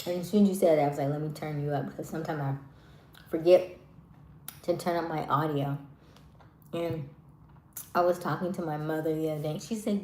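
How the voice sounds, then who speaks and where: A woman hosting a live stream, chatting casually with viewers in a soft voice that trails off at the ends of words. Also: sits low, steady tone, a little fast, long pauses, echoey room, slight background noise. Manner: chatty, many fillers.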